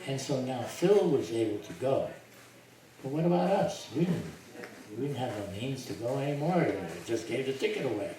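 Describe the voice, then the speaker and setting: An older man with a medium-pitched voice tells his life story to a group, slowly and animatedly, with lively voiced quotes and laughs. It's storytelling talk recorded from far off in an echoey hall with audible noise.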